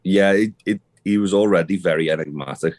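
A young man with a very low, deep voice talks casually as a co-host. He wanders through his points with lots of fillers, false starts and the odd swear word. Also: brisk, a little mellow. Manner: rambling, many restarts and fillers, swears casually. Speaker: podcast co-host. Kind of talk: casual chat about wrestling.

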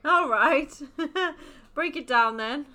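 A woman's voice: high-pitched, drawn-out words, sharp tone. A woman co-hosting a comedy podcast, teasing and laughing often in casual chat. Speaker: podcast co-host.

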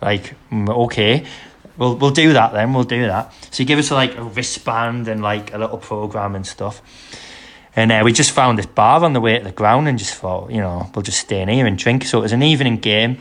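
Bloke, mid pitch, casual anecdote-teller who acts out quotes. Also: male voice, brisk, a bit bright. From England. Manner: rambling storyteller, acts out quotes. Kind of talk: casual chat, anecdote telling.

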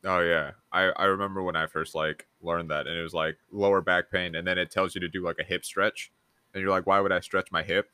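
A man's voice: low voice, level tone, brisk, pushed and bright, smooth, dry recording, clean studio sound. A man hosting a podcast, agreeable and encouraging as he asks open questions. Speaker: podcast host. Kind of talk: casual interviewing.

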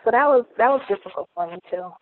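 A woman in her thirties, a podcast guest, speaking hesitantly with many pauses and ums. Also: medium pitch, lively intonation, slight background noise. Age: 30s. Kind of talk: personal conversation. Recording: tinny phone-like line.

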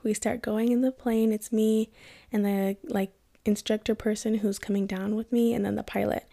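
A woman's voice: medium pitch, moderate pace, gravelly. A young woman from Kenya telling a personal story in a casual vlog, acting out the voices of the people she quotes. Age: young adult. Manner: animated, acts out quoted voices. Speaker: vlogger.

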